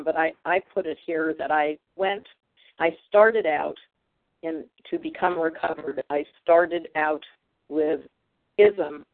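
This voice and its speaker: A woman from Pennsylvania sharing reflectively at a recovery meeting, pausing often to find her words. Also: low-pitched, no room sound. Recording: dry, tinny phone line.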